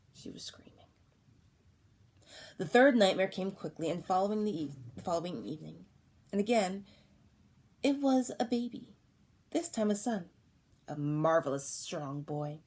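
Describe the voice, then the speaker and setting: A woman reading a storybook aloud in a calm, even way, taking on voices for the characters. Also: fairly low pitch, moderate pace. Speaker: audiobook reader.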